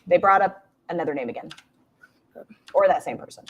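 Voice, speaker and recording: A woman's voice: lowish voice, fairly quick, fairly bright tone, dull audio. A woman streamer giving casual reaction commentary, blunt and mocking, with frequent swearing. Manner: blunt, profane, mocking asides.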